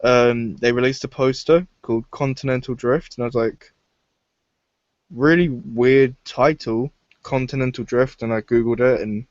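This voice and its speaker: A young man reviewing films in a casual chat, animated, laughing often and acting out lines. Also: medium pitch, measured pace, no echo, dull audio. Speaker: film reviewer.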